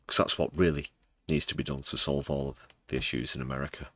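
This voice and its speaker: A man's voice: rumbling low, fairly even intonation, fast, a bit bright, no echo. A British man hosting a live news stream, dry and sarcastic, sometimes putting on mock emotion. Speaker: livestream news host. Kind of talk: casual live news commentary.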